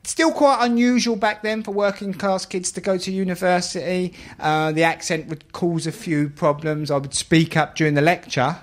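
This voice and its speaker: A man's voice: high voice, steady tone, normal speed, hardly any pauses. A middle-aged man with a Cockney accent, telling a stand-up comedy routine in a chatty, storytelling way on a theatre stage. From London. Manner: chatty storyteller, laughs at his own jokes. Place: theatre stage with a laughing audience.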